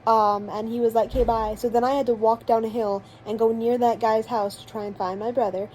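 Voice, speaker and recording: A woman's voice: on the high side, little pitch movement, a little fast, darkish tone, a little hiss or hum, poor audio. A teenage girl narrating her vacation vlog in a rambling, chatty way, full of fillers and restarts. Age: teens. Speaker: vlogger. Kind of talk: casual voice-over storytelling.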